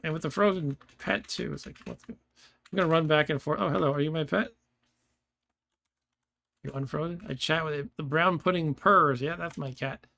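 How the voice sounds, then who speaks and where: A man's voice: on the high side, moderate pace, vocal fry, pauses often, pushed and bright. A man giving casual let's-play commentary, thinking aloud and laughing often, with keyboard clicks behind him. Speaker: gameplay streamer.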